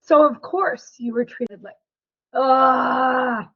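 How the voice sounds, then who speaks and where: A woman's voice: sits high, lively intonation, measured pace. A woman hosting a podcast interview, speaking emphatically and bluntly. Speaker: podcast host, psychologist. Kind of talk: interview conversation. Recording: muffled lo-fi audio.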